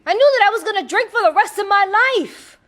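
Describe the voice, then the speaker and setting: A woman's voice: very high voice, expressive, fast, fairly bright tone. A woman giving a blunt, streetwise personal testimony to a recovery meeting, laughing often as she talks.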